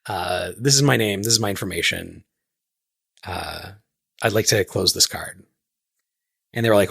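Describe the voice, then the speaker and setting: A man talks in easy podcast chat, his voice gravelly with a husky edge. He stumbles and restarts his words as he gets worked up. The sound is close and dry. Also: fairly low pitch, normal speed, pauses often, a bit bright, dry recording. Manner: stammers and restarts while ranting. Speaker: podcast co-host. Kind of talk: casual chat.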